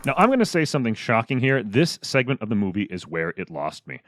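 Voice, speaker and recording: A man's voice: mid-range voice, sing-song, fast, noisy background. A man co-hosting a film podcast, wry and teasing in casual chat. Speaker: podcast co-host. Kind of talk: casual film review chat, partly scripted.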